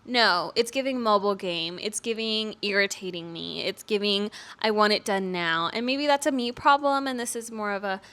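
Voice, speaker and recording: A young woman vlogger ranting about a game in casual couch talk, rambling and expressive. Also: mid-range voice, normal speed, smooth. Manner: animated, rambling, self-aware and expressive. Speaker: gaming vlogger.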